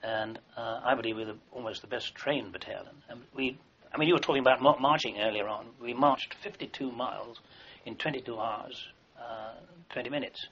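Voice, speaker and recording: An aging ex-soldier shares rambling recollections of wartime for an oral history, his medium-pitched, somewhat bright voice running a little fast with hardly a pause. Fillers and false starts pepper his long anecdotes, captured on a dull, lo-fi recording.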